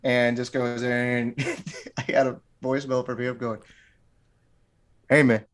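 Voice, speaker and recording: A middle-aged man who owns a martial arts gym guests on a podcast, talking casually and rambling, often repeating words and restarting. His voice is mid-range with little pitch movement, a little slow.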